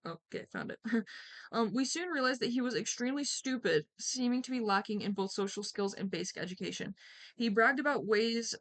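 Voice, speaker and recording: A young woman reads a story aloud in a relaxed streaming session. She often stops to ramble and giggle through side comments. Her delivery is loose, casual and conversational. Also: medium pitch, a little fast. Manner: chatty, giggly, rambling asides. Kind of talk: casual reading aloud with asides.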